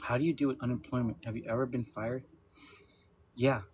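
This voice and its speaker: A man's voice: mid-range voice, fairly even intonation, a little fast, a little mellow, slight background noise. A man in his fifties hosting a casual livestream chat, laughing often and talking loosely with some swearing. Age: 50s. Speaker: livestream host. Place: at home with his dogs.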